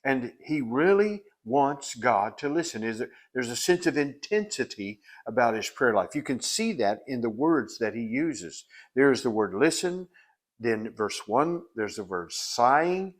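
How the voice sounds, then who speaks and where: A man's voice: medium pitch, very animated, unhurried. A man teaching a Bible lesson in an earnest, explanatory way. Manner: earnest and explanatory, with frequent restarts and fillers.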